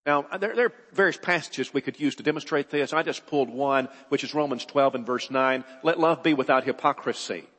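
Husky-voiced preacher in a reverberant hall. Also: male voice, mid-range voice, fairly quick, few pauses, fairly bright tone. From United States. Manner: earnest, repeats words, rises to emphatic bursts. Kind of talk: sermon.

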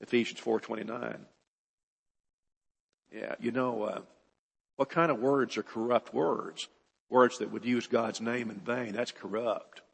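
A man's voice: medium pitch, fairly even intonation, unhurried, long pauses, fairly bright tone. A man preaching a sermon, earnest and repetitive, building to emphatic bursts. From United States. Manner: earnest, repeats words, rises to emphatic bursts. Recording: husky voice in a reverberant hall.

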